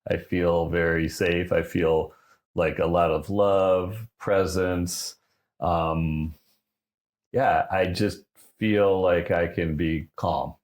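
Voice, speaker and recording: A man's voice: low voice, fairly even intonation, slow. A man hosting a podcast, chatting candidly and openly, laughing often and swearing casually. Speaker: podcast host. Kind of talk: casual interview chat.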